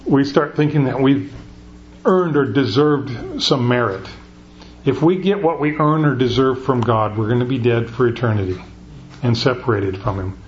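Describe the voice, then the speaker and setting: A man's voice: mid-range voice, moderate pace, dull audio, slight background noise. A middle-aged man preaching a conversational sermon, often restarting his sentences. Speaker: pastor.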